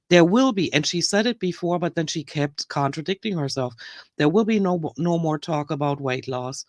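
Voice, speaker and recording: A woman with a German accent chatting casually on a livestream, halting and hesitant, with frequent restarts. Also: low voice, expressive, dry recording, studio quality. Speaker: livestream host.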